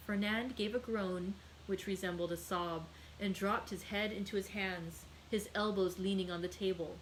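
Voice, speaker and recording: A woman librarian reading a classic novel aloud with steady, clear storytelling. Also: medium pitch, normal speed, hardly any pauses, slight background noise, rough recording. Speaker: librarian hosting a read-aloud.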